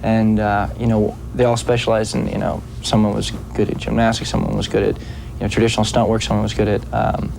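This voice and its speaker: A young man in his twenties answering interview questions in an easygoing, halting way. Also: on the low side, flat delivery, vocal fry, background noise. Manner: easygoing, halting, many fillers. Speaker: interviewed actor. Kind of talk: casual interview.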